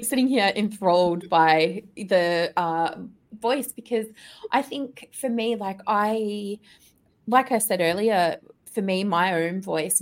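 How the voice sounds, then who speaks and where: A woman from Melbourne hosting a podcast interview, speaking reflectively with frequent pauses and fillers. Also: fairly low pitch. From Melbourne, Australia. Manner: reflective, hesitant, many fillers. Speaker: podcast host.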